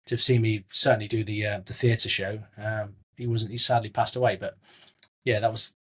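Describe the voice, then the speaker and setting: A man's voice: on the low side, flat delivery, normal speed, a bit bright, slightly rough. A middle-aged man from Southwest England, an actor and guest in an interview, talking in a chatty way with frequent restarts and friendly asides. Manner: chatty, frequent restarts, calls people mate. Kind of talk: casual interview chat.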